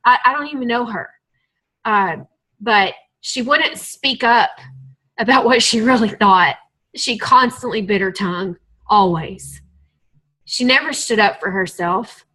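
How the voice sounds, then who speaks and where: Bright-voiced woman giving an emotional pep talk. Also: mid-range voice, breathy edge, low-quality recording. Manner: emotional, earnest, confessional. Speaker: team leader on a coaching call. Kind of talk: motivational team call.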